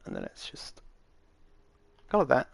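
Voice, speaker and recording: A man's voice: unhurried, dry recording. Casual rambling man talking over a tutorial. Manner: rambling, matter-of-fact, with frequent fillers. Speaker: game tutorial maker. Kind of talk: casual screen-recorded tutorial.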